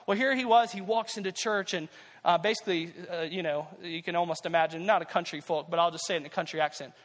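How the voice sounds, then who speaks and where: High-voiced pastor in a reverberant hall. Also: male voice, fast talker, a bit bright. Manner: conversational, repeats key phrases for emphasis. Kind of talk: sermon.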